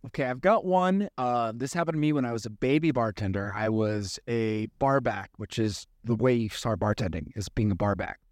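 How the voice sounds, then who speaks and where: A man's voice: medium pitch, normal speed, few pauses, dry recording, studio quality. A man in his forties co-hosting a podcast, chatting casually and joking as he tells a story. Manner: relaxed, jokey, repeats himself. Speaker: podcast co-host.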